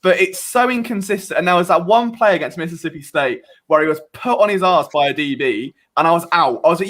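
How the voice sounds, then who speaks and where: British guy guesting on a podcast, high voice, all over the place pitch-wise, rambly. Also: fast, hardly any pauses. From Britain. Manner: animated, rambling, self-questioning. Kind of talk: casual podcast chat.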